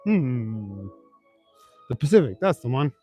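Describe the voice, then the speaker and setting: A young man from Northern Ontario, Canada, walks city back streets at night and chats casually with his live stream viewers. His voice is medium-pitched and slow, with soft music in the background. He's relaxed, swears casually, and reads and answers the chat.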